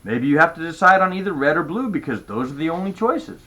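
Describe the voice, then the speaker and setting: A man's voice: a little high, lively intonation, fast, bright, forceful tone. An older man reading aloud and voicing a patient, reasonable father in a storybook. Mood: explaining.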